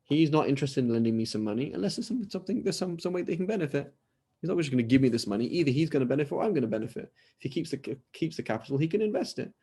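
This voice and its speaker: An Islamic scholar with a British accent teaches a class over a video call, his mid-range voice husky and dark-toned as he races along animatedly. His lecture is conversational and chatty, with frequent "right?" checks and little acted-out dialogues.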